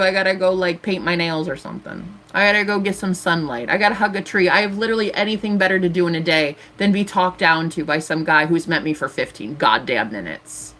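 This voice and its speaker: A woman's voice: fairly low pitch, a bit bright. Brief: woman, 30s, tarot streamer, heated defiant rant to chat. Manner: angry, ranting, defiant. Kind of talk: live stream monologue.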